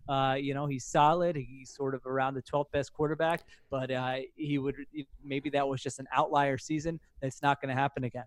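Brief: male sports podcast host, casual and animated, slightly higher voice, dry close mic. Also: moderate pace, few pauses, no echo.

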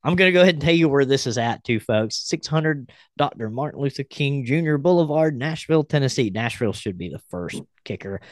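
A man's voice: medium pitch, lively intonation, a little fast, hardly any pauses, no room sound, clean studio sound. A man hosting a podcast, chatting casually and reading a post aloud with blunt, wry remarks. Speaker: podcast host.

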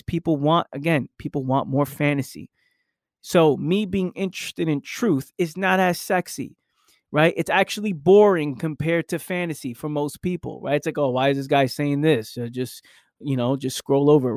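A man's voice: on the high side, normal speed, no echo, clean studio sound. A young man hosting a solo podcast, talking casually and reflectively, with "right?" tagged onto his points. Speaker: podcast host.

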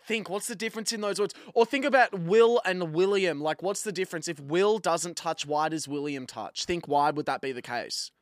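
A young man, co-hosting a podcast, teasing his friend and slowly dragging out riddle clues. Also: high voice, dry recording, clean studio sound. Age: young adult. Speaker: podcast co-host. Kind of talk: casual banter.

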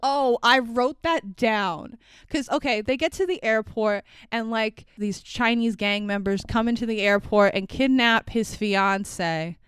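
A woman co-hosting a casual podcast, talking in an animated way, swearing freely and laughing often. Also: on the high side, unhurried, clean tone, dry recording. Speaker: podcast co-host. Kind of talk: casual chat about movies.

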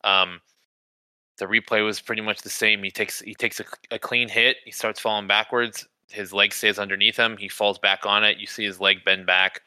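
A man co-hosting a casual sports podcast, talking in a profane, animated way and saying "you know" and "bro" a lot. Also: fairly low pitch, moderate pace, clear, resonant tone, dry recording, poor audio. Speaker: podcast co-host.

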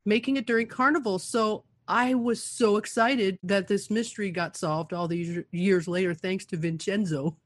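Animated woman telling a story, dry sound. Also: medium pitch, moderate pace, hardly any pauses, no room sound. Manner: animated storytelling, laughs often. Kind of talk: casual radio talk.

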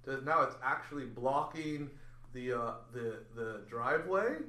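A man's voice: medium pitch, a little slow, roomy sound, a little hiss or hum. A man on a podcast, telling a story casually and acting out what people said. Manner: animated storyteller, acts out quoted lines. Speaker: podcast guest.

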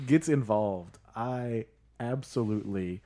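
A man's voice: lowish voice, slow, warm tone. A man co-hosting a podcast, chatting casually and rambling through his points. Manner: rambling, laughs often, many fillers. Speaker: podcast co-host. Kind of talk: casual chat.

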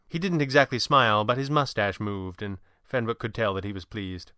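A man reading a story aloud in a measured, even manner. His voice is bright and crisp, close and dry on the mic. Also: on the low side, dry recording. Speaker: narrator. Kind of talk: audiobook narration.

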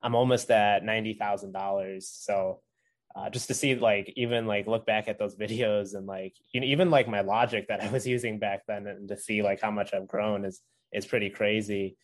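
A man's voice: fairly low pitch, fairly even intonation, normal speed. A man who runs an investing channel, talking in a loose, rambling way with many filler words during a casual chat with another creator. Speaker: investing YouTuber. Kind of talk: casual conversation between creators.

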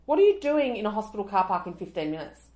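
A woman's voice: medium pitch, very animated, fast talker, dark tone. A middle-aged Australian woman co-hosting a casual chat, ranting in exasperation and swearing freely. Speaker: podcast co-host.

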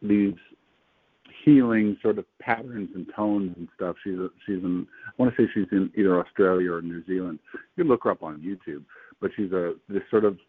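Deep-voiced man, rambling and enthusiastic. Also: normal speed, breathy edge, dry recording. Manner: enthusiastic, rambling, many fillers. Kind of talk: casual conversation. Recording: tinny phone-like, dry sound.

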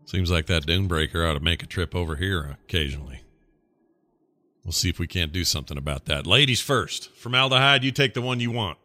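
A man's voice: deep voice, lively intonation, a little fast, pushed and bright. A man playing a tabletop role-playing game, talking in a drawling, folksy way. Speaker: player.

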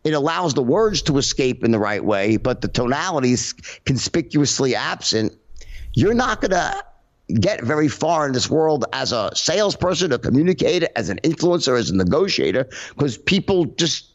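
A man speaking as a podcast guest in a lively, swooping voice that rises and falls a lot as he acts out how people sound. He talks casually and restarts his sentences often. The audio is slightly dull and lo-fi. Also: mid-range voice, normal speed. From United States. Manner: animated, acts out tones in quoted examples, many restarts. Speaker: podcast guest, sales trainer. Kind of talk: casual conversational interview.

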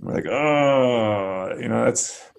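A man with a gravelly, creaky voice at an ordinary middle pitch tells a long story about a student. He talks casually and loosely, full of fillers, in the manner of a martial arts coach being interviewed. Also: slow pace.

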